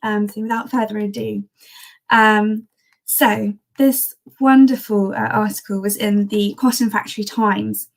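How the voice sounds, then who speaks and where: A woman's voice: mid-range voice, fairly even intonation, measured pace, creaky. A woman presenting a history talk on old newspaper archives in a chatty, enthusiastic way, with frequent ums and restarts. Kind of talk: live-streamed history talk.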